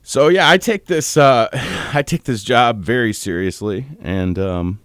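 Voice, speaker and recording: A male radio host on his morning show, talking in a halting way and holding back tears, with pauses and restarts. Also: mid-range voice, very animated, fairly bright tone, no echo, studio quality. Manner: halting, choked up, pausing often. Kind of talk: on-air morning show tribute. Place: radio studio.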